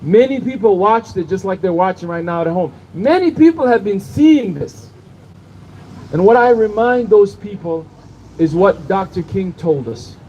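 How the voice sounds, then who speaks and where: A man's voice: high-pitched, lively intonation, normal speed, dark tone, lo-fi sound, slight background noise. A man delivering an impassioned outdoor protest speech at night, building rhythm through repeated rhetorical phrases. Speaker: rally speaker.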